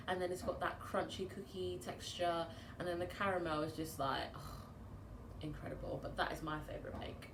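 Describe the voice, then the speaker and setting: Bubbly british lady chatting on her baking vlog, echoey room with noise behind. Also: lowish voice. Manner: bubbly, chatty, laughs often. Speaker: home baker and vlogger. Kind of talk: casual vlog Q&A. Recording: roomy echo with background noise.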